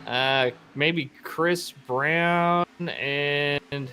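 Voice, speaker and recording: A man's voice: on the high side, very slow, pushed and bright, slight background noise. Chatty Canadian man co-commentating a race. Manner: chatty, reads viewer comments. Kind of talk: casual color commentary and chat.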